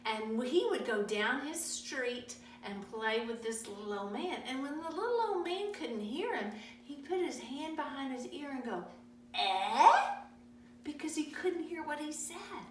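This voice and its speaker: A woman teacher reading stories aloud to young children in a sing-song, animated way. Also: sits high, moderate pace, hardly any pauses. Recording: echoey room, from far off, faint noise.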